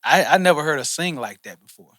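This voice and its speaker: Male podcast co-host, bright tone, slangy storyteller. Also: fairly high pitch, animated, quick pace, no room sound. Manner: loose slangy storytelling, says "bro" a lot. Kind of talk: casual chat.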